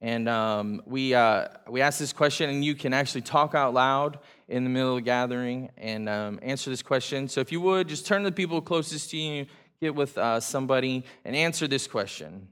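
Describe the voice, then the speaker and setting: With a brisk, clear, resonant mid-range voice that's a touch bright, a man jokes casually with his congregation while leading a church gathering. He makes fun of himself, stumbles through fillers and restarts, and the hall rings with reverb.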